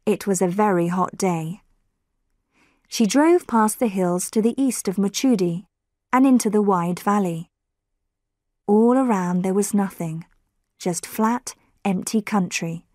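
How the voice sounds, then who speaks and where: A woman narrates a graded reader for English learners at a very unhurried pace. Her mid-pitched voice is read close to the mic in a dry, deadened space, each word set out clearly. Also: darkish tone, no echo. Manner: slow, clear storytelling with quoted voices lightly lifted. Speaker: audiobook narrator.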